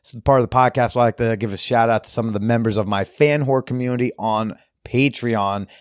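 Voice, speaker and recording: A man hosting a podcast, doing casual ad reads and fan shout-outs in a jokey, off-the-cuff way with crude humor. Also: medium pitch, steady tone, quick pace, smooth, dry recording, clean studio sound. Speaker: podcast host.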